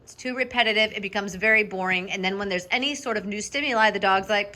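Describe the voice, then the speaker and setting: A woman dog trainer coaches a student through a lesson, upbeat and directive, often checking in with "okay?" and bursting into high praise for the dog. She talks fast, with a sharp tone.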